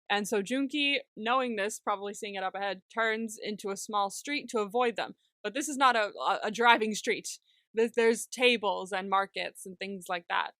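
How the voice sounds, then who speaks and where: A woman's voice: mid-range voice, moderate pace, fairly bright tone, no room sound. A woman co-hosting a podcast, recapping an episode in casual chat, laughing often and acting out the characters' lines with plenty of swearing. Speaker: podcast co-host.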